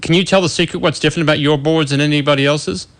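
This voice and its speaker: Upbeat radio host man, slightly high voice. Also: steady tone, very fast, fairly bright tone. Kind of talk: casual radio chat.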